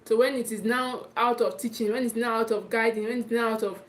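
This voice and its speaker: A woman's voice: on the high side, steady tone, brisk, a little hiss or hum. A woman with a Nigerian English accent coaching parents in a live talk, emphatic, often repeating and restarting her phrases and checking in with "okay".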